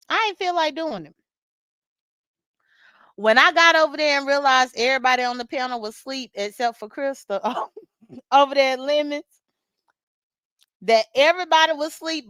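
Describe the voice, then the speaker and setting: Femme bavarde à la voix aiguë et nette, avec un afro-américain. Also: female voice, high voice, pushed and bright, clear, resonant tone, dry recording. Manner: chatty, laughing, talks straight to commenters by name. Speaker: vlogger recapping livestream drama. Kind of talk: casual chat to viewers while getting ready.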